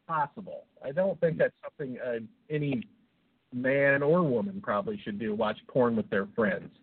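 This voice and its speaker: On a podcast with a tinny, phone-like sound, a male co-host with a husky, medium-pitched voice speaks at a moderate pace. He rambles through crude banter, laughs at his own jokes, and sounds stuffed up from a cold.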